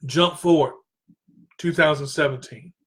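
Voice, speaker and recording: A man's voice: fairly high pitch, unhurried, fairly bright tone, breathy edge. A man hosting a talk radio show, telling a personal story in an earnest way, repeating himself and straining his voice when he gets worked up.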